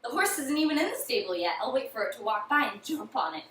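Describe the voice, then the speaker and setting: A woman's voice: fairly high pitch, very animated, quick pace, fairly bright tone, slight background noise. A woman voicing a gullible, cheerful male horse thief in a folk tale, in an echoey room. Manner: upbeat, clueless. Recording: echoey room, mic far off.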